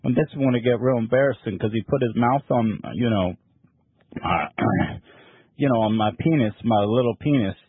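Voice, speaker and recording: A man's voice: mid-range voice, husky, no echo. A man playing a bashful sixty-five-year-old caller. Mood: sheepish. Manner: halting, sheepish, full of fillers. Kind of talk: prank call to a psychic line. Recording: dry tinny phone line.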